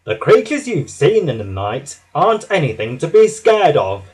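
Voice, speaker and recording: A man's voice: a little high, big pitch swings, normal speed, a little mellow, husky. A man doing a firm, stout railway boss. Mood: reassuring. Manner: firm, announcing tone.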